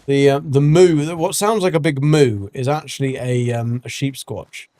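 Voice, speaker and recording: A man's voice: mid-range voice, moderate pace, dark tone, dry recording. A man giving casual, rambling gameplay commentary as a streamer, full of ums and restarts. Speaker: gaming streamer.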